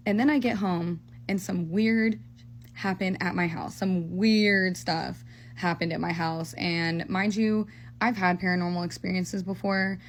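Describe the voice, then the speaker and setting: Gravelly young woman, casual storytime. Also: medium pitch, steady tone, moderate pace. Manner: breathless, full of "like" and "literally".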